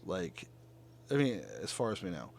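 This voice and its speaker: A low-voiced man from northern California hosts a casual podcast chat at normal speed, with a little hiss or hum in the background. He swears freely, laughs a lot, and tells his stories with energy.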